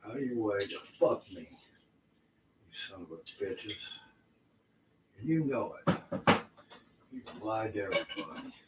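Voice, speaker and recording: A man with a very low voice rants in an agitated, profane ramble, sometimes trailing off into mutters. He talks into a handheld phone in his kitchen, and the recording carries a clear hiss of noise behind him. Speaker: vlogger. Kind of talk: unscripted rant to camera. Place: home kitchen, indoors.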